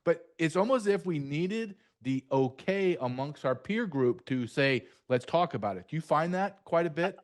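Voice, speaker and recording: A man interviewing a guest in casual talk, telling a lively anecdote. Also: a little high, moderate pace, hardly any pauses. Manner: lively anecdotal storyteller, acts out voices.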